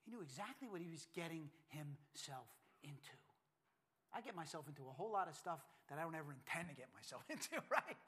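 A man with a high voice delivers a sermon. He drops to near-hushed tones, then climbs back to loud, emphatic lines, often repeating words as he builds. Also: sing-song, fast talker, husky. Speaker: pastor.

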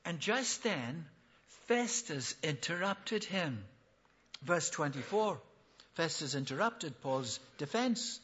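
Male preacher, bright and high, impassioned sermon delivery, muffled lo-fi sound. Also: sing-song, slow pace, breathy edge. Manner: impassioned, swings from loud appeals to hushed tones; acts out biblical speakers in quoted voices. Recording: dull lo-fi recording.

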